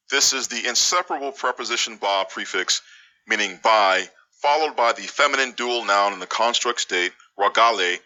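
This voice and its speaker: A man's voice: fairly low pitch, pushed and bright, poor audio. A man teaching a verse word by word, blunt and scornful toward those he sees as wrong. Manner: blunt, scornful, deliberate spelling-out of words. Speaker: Bible language teacher. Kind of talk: scripted Hebrew word-by-word lesson.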